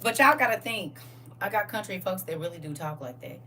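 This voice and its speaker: A woman's voice: medium pitch, lively intonation, fairly quick, pushed and bright, recorded from a distance, a little hiss or hum. A woman leading a casual livestream reading, playful and joking with her chat and laughing often.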